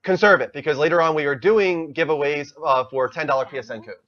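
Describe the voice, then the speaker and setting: A man with a fairly high voice hosts a gaming talk stream at a quick clip. He keeps the segments moving and calls out new followers. The sound is dull and lo-fi. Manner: runs the segments, reads shout-outs. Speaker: podcast host. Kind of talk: casual gaming chat.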